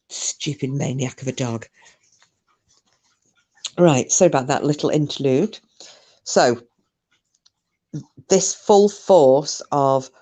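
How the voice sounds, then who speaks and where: A woman narrates a true story to her viewers in a relaxed, conversational way, wandering off into asides. Her voice sits very low for a woman, and she takes her time over every phrase. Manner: chatty and digressive. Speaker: online storyteller. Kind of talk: casual spoken storytelling.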